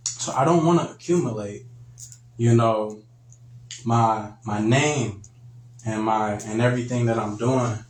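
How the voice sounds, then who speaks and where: A man giving a casual spoken teaching, talking conversationally and acting out quoted voices in a higher pitch. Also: a little slow, pauses often, roomy sound, poor audio. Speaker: preacher.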